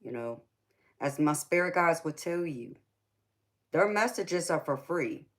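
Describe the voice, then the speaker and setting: She's a tarot reader on a livestream, talking casually with viewers in a sassy Southern American drawl and calling them baby. Her low-pitched voice has lively intonation and moves a little slowly.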